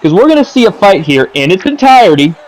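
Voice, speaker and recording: A man giving casual, ranting commentary over his own gameplay footage, seated at a home setup, repeating himself and punctuating plays with "boom". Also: very animated, fast, a little mellow, poor audio. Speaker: gaming commentator.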